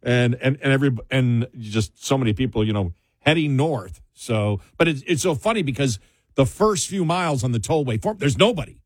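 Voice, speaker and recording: A man's voice: medium pitch, expressive, fairly quick, no echo, clean studio sound. A man, co-hosting a casual chat, rambling with many restarts and laughing often.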